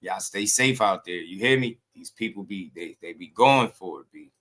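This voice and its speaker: A man's voice: deep voice, normal speed, fairly bright tone. A man hosting a boxing channel, talking in loose, slangy commentary and often breaking into laughter.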